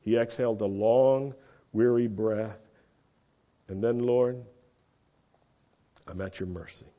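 Guy preaching a sermon, reads excerpts w feeling, mellow voice, kinda dull lo-fi sound. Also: mid-range voice, fairly even intonation, takes it slowly. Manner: reads quoted passages with feeling, drops to a hush at somber lines. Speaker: rabbi. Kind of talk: sermon with read-aloud excerpts. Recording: muffled lo-fi recording.

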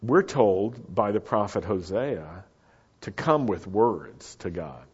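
A man preaching a sermon, slow and deliberate, repeating key phrases for the congregation to say back. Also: lowish voice, animated, husky, muffled recording. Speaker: pastor.

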